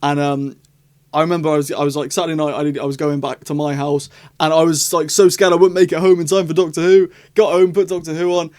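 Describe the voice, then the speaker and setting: A young man talks through a casual review in a fairly high voice. He is eager and loose, piling on restarts and fillers as his enthusiasm runs ahead of his sentences. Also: little pitch movement, fast talker, darkish tone. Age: young adult. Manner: enthusiastic, rambling, frequent restarts. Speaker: video reviewer.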